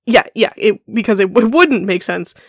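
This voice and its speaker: A woman's voice: medium pitch, lively intonation, moderate pace, no echo. Woman co-host, casual, mocking and profane, laughs easily, dry recording. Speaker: podcast co-host. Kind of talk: casual book-discussion chat.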